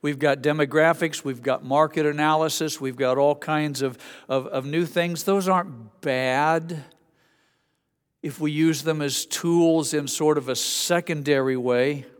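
A man's voice: on the high side, fairly even intonation, measured pace, clean tone. A man preaching a sermon as a pastor, telling folksy stories between scripture. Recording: long hall reverb.

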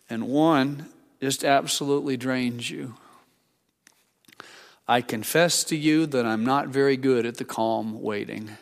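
Older man, pastor, sermon, conversational, repeated restarts, medium pitch, long hall reverb.

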